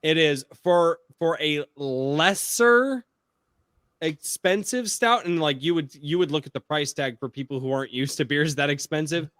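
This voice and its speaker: Man, podcast host, excitable, swears a lot, slightly high voice, dry close sound. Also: normal speed, smooth, no echo. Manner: excitable, profane, storytelling. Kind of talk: casual chat.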